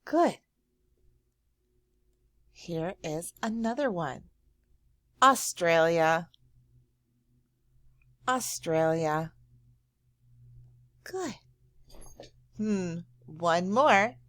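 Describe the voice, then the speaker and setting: A woman teacher speaks very slowly to young children, her lowish voice swooping up on words of praise. She draws words out and hums while thinking. The sound is dry and close. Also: lively intonation, a bit bright, no room sound. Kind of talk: slow, encouraging lesson for young children.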